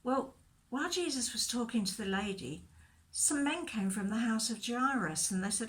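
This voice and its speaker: A woman leading a children's church talk, telling a Bible story in a gentle, expressive way and asking questions, recorded for video. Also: fairly high pitch, normal speed.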